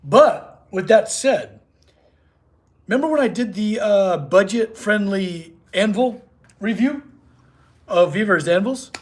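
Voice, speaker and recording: Chatty husky-voiced young man. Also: high-pitched, lively intonation, slow, pauses often. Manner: chatty, rambling, reads chat aloud. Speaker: blacksmith streamer. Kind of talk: casual live-stream chat. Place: home workshop.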